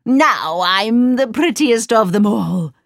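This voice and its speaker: A woman voicing a vain, wicked queen in a storybook reading, with slow, drawn-out lines. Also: a little high, animated, creaky, no room sound, studio quality, voice pushed up, full character voice. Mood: triumphant.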